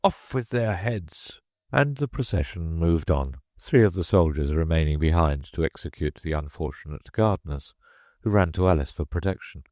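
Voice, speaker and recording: A man narrating an audiobook with a very deep voice and a measured, expressive reading. His intonation moves widely through the sentences. The recording is close and dry. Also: no room sound. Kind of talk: scripted storybook narration.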